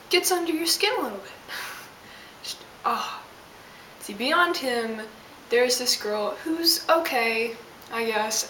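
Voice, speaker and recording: Her voice sits in the mid range with a bit of brightness. The young woman is a vlogger ranting casually through an exasperated, sassy story, captured on a distant mic that sounds roomy and hissy.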